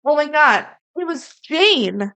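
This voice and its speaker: A woman co-hosting a podcast, chatting casually and acting out bits of dialogue as she recaps a movie. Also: high voice. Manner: animated, acts out character lines in quick impressions. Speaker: podcast co-host.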